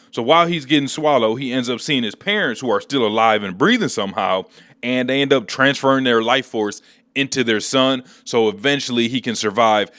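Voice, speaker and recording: A man's voice: mid-range voice, a bit bright, no echo. A man hosting a casual comic book recap, telling the story in slangy, laid-back speech on a close mic.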